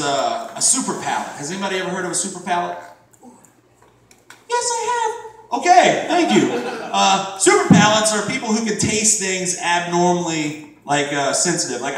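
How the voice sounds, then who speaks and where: A man's voice: on the high side, fairly bright tone, slight background noise. A man in his thirties from Florida doing a crude, rambling stand-up set full of profanity. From Florida, USA. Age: 30s. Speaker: stand-up comedian. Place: comedy club stage. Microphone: distant room mic. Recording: very echoey room from far off.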